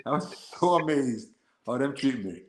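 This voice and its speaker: A man's voice: medium pitch, lively intonation, moderate pace. A man with an American accent, a football coach, telling anecdotes in a casual chat and laughing often as he goes. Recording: roomy echo.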